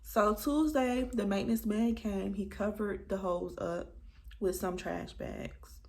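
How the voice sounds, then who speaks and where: Gravelly-voiced woman telling a story. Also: medium pitch, measured pace. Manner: animated, dramatic retelling with quoted dialogue. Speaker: vlogger. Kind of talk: casual storytime chat.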